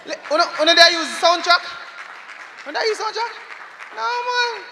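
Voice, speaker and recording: A man's voice: very high voice, normal speed, pushed and bright, some chatter behind, slight background noise. A Jamaican man hosting a gala from the stage, playful and laughing, slipping into patois for a comic poem, on a handheld mic in a large echoey hall. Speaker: event emcee. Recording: echoey hall with long reverb.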